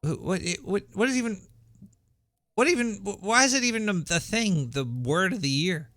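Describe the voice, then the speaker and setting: A man voicing a paranoid cartoon rat host with a shrill voice and a Brooklyn accent, rambling conspiratorially with many stumbling restarts. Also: expressive, normal speed, fairly bright tone, no room sound, clean studio sound. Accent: Brooklyn New York. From Brooklyn, New York. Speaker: podcast host. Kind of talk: rambling comedic monologue. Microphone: home setup.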